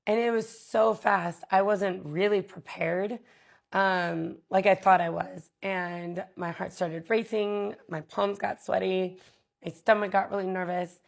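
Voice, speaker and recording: A woman vlogger telling a personal story in a candid, halting way, with many pauses and fillers. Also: medium pitch, level tone, creaky.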